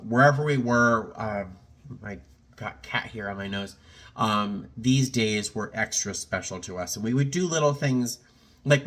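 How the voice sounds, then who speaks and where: A man's voice: on the low side, a bit bright. A middle-aged man in a casual personal vlog, talking in a reflective, rambling way with many fillers and restarts, a little choked up. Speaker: vlogger.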